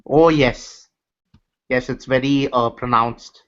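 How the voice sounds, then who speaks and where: A man from Nova Scotia with a Canadian accent, chatting casually in a live hangout, halting often with ums and repeated words. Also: medium pitch, steady tone, a bit bright. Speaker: hangout participant. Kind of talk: casual chat. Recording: dull lo-fi online call audio.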